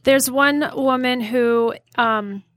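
A woman's voice: high-pitched, fairly even intonation, slow, a bit bright, no room sound, clean studio sound. A woman guest on a podcast, speaking thoughtfully with frequent hesitations. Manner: thoughtful, hesitant, many fillers. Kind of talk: casual podcast conversation.

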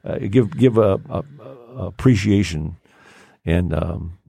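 An older man tells a story in his own rambling way, with plenty of ums and restarts. His voice sits very low and sounds warm and relaxed. The recording is dry and close, with no room sound. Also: slow, vocal fry, breathy edge, no room sound. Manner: rambling, many fillers and restarts. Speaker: podcast guest. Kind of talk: casual storytelling.

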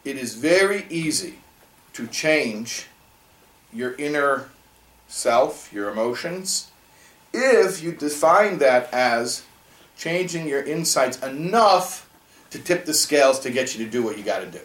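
A man giving a classroom lesson, talking to his students in a loose, conversational way and often asking them rhetorical questions. His voice sits at an ordinary middle pitch. He is picked up from a distance in an echoey room. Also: lively intonation, slow, a bit bright. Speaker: teacher.

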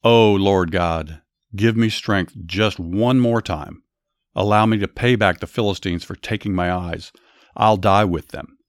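Guy doing a strong quiet hero, low voice, slow, dry sound. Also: animated, dry recording. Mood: praying. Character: strong, secretive man of great strength.

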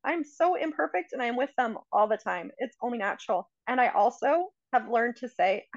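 Creaky-voiced woman, earnest and reflective. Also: fairly high pitch, expressive, moderate pace, hardly any pauses, no echo. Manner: earnest, reflective, gives examples. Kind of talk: casual conversation. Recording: dry, dull lo-fi sound.

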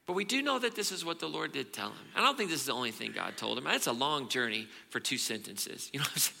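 A male pastor preaches in an animated storytelling style, dropping suddenly to a hush. His voice is deeply gravelly and very bright. A long hall reverb trails his words. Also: quick pace, hardly any pauses. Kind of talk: sermon.

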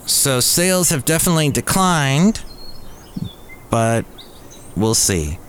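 Male podcast host, casual news chat, chatty storyteller, mid-pitched voice, faint cafe hum behind. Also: very animated, slow pace.

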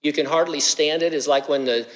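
A middle-aged male pastor preaches in a relaxed, chatty way, tossing jokes and questions to his congregation. His voice sits a little high for a man. A long reverb from the church hall trails behind his words. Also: brisk. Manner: conversational, joking asides to the congregation. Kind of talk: sermon.

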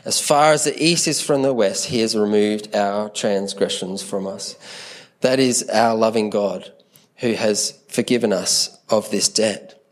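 A man's voice: lowish voice, measured pace. A man preaching a sermon in an earnest, conversational way, often repeating words as he thinks aloud.

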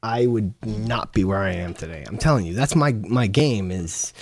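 A man's voice: lowish voice, expressive, normal speed, no echo. A man from Canada co-hosting a podcast, rambling through crude, joking casual banter. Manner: joking, rambling, breaks into mock French. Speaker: podcast co-host.

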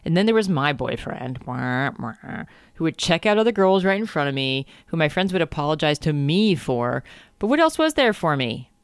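A man's voice: fairly high pitch, big pitch swings, a little fast, clean tone, dry recording, clean studio sound. A man co-hosting a comedy podcast, reading a book aloud and riffing on it in a jokey, laughing way. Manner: jokey, reads passages then riffs with laughter.

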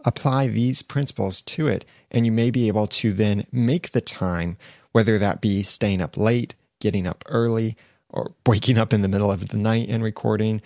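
A male podcast host with a slightly low, gravelly voice, recorded close and dry on a studio microphone. He speaks in an earnest, upbeat way and talks straight to his listeners as he works through a list of tips. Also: a little mellow, no echo. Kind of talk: solo podcast monologue giving tips.

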